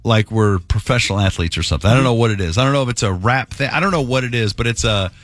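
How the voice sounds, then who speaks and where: A man's voice: mid-range voice, quick pace, a bit bright, no echo, soft background music. A man hosting a morning radio show, chatting casually and rambling on a studio microphone. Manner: chatty, rambling, self-deprecating.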